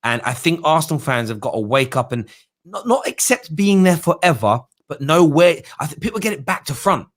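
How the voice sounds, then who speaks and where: A man's voice: a little high, sing-song, brisk. A young man hosting a football fan show, chatting casually with callers and mocking others in whiny put-on voices.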